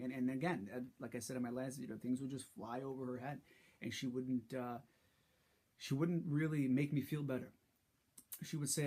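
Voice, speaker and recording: Man, vlog confessional, husky tone, halting and frustrated delivery. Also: medium pitch, flat delivery, darkish tone. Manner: halting and frustrated, many restarts. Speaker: vlogger. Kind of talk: personal story.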